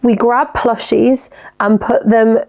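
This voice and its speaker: In a slow, steady delivery, a young woman with a fairly high, darkish-toned voice chats casually on her solo podcast. She giggles as she responds to what her listeners have sent in.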